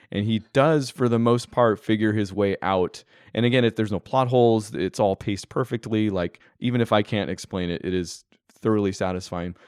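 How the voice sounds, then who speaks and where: Low, smooth-voiced man chatting films. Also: a little mellow, no room sound, studio quality. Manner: enthusiastic, rambling with restarts. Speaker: podcast co-host. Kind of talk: casual film discussion.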